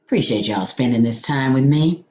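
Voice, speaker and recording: A woman's voice: extremely low pitch, animated, moderate pace, mellow, highs cut off. A woman hosting a home cooking demonstration, chatty and playful, calling viewers honey and baby. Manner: playful food exclamations. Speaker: cooking show host.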